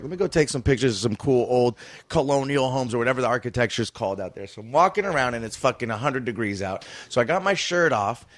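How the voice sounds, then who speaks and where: A man's voice: medium pitch, a bit bright, dry recording. A man as a podcast guest, telling a long story in a rambling, casual way, swearing and restarting his sentences.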